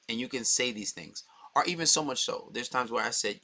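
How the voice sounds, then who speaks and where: A man's voice: mid-range voice, fast talker, sharp tone. A man talking as a dating coach, giving a blunt, profane, heated opinion monologue.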